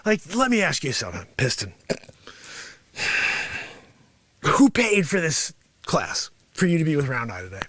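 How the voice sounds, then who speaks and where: A man doing an improv character of a boastful, greedy male karate sensei who scolds and shouts at his students. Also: on the high side, wildly swooping pitch, fairly quick, full character voice. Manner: loud, scolding, shouting bursts. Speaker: improv comedian. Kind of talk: improv comedy sketch.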